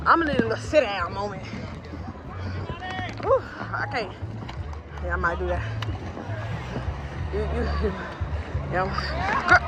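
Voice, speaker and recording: A young woman vlogging on her phone at an outdoor water park obstacle course, out of breath, loud and laughing, teasing and swearing in casual chat. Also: on the high side. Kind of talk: casual vlog chatter. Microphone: handheld phone camera. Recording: noisy outdoor crowd audio.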